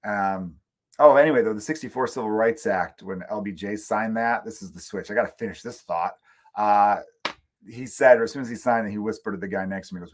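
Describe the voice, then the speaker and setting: Husky low-voiced man ranting on a podcast. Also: a little fast. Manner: rambling, opinionated, swears freely. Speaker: comedian podcast host. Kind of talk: casual solo podcast rant. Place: room at home.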